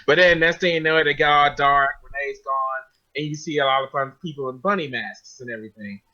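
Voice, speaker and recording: A man's voice: medium pitch, a little fast, bright, forceful tone. A man co-hosting a casual chat, recapping events with enthusiasm. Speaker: podcast co-host. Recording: dull lo-fi sound.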